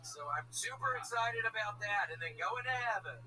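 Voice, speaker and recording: A man in casual, crude comedic banter, swearing often, giggling and talking in mock excitement. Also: high voice, normal speed, hardly any pauses. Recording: distant mic with loud music.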